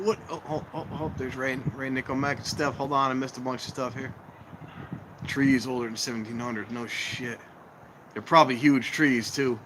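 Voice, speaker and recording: A man rambles in a loose, casual chat with his viewers, easily drifting from one thought to the next. He is outside near a train station. Clear street noise runs behind his voice. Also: mid-range voice, moderate pace, long pauses. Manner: rambling, talks to viewers while walking about. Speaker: vlogger. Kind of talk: casual live-stream chat.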